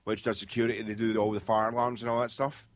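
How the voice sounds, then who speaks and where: Scottish man, low voice, rambling storyteller; dry, dull lo-fi recording. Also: flat delivery, fast, dry recording. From Scotland. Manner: rambling storyteller with many restarts and fillers. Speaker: guest medium. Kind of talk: casual podcast chat. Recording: dull lo-fi sound.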